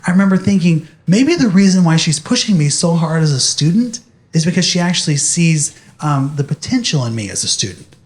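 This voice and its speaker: A man's voice: a little high, lively intonation, fairly quick, darkish tone. A young man speaking animatedly to an audience, telling a personal story in a motivational talk.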